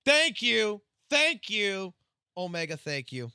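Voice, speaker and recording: A man's voice: high-pitched, big pitch swings, slow, bright, forceful tone, clean tone, dry recording, clean studio sound. A man live-streaming, ranting casually with heavy swearing and rambling restarts. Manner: profane, rambling, restarts sentences. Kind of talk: casual late-night stream rant.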